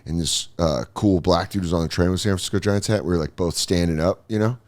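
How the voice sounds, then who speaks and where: A man's voice: low-pitched, quick pace. A man hosting a podcast in casual chat, a profane storyteller who laughs at his own stories. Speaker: podcast host.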